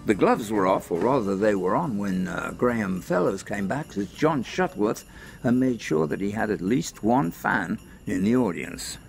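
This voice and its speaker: A man's voice: lowish voice, lively intonation, moderate pace, creaky. A man narrating a scripted recap with a dry, wry delivery. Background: music.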